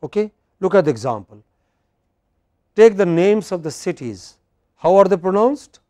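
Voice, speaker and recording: A man teaching spoken English in a university classroom, a non-native speaker who lectures deliberately and prompts students for answers. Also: high voice, sing-song, dark tone, no echo. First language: Indian language.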